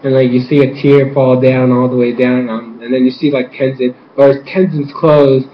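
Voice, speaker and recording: A man giving a rambling, gushing recap of a cartoon episode, excitable and casual. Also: medium pitch, moderate pace. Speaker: fan reviewer. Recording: roomy, dull lo-fi home recording with faint noise.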